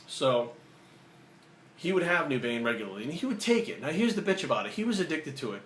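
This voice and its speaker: A man's voice: fairly high pitch, a little fast. A man hosting his own video channel, telling a story in casual, profane speech and acting out the dialogue. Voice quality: profane, animated, acts out the dialogue. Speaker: vlogger. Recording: roomy echo, faint ambient noise.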